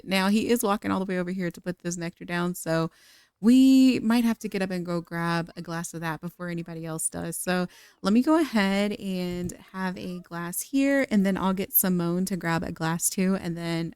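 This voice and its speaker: A woman's voice: lowish voice, normal speed, a little mellow, clean tone, dry recording. A young woman giving chatty, giggly let's-play commentary on a life-simulation game. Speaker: gaming content creator.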